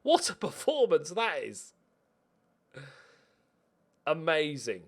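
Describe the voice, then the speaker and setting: Bloke commentating his football manager save, slightly high voice, jumps all over, sarcastic and hyped. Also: slow pace, noisy background. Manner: excitable, sarcastic, self-mocking. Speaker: let's play host. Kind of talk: gaming commentary.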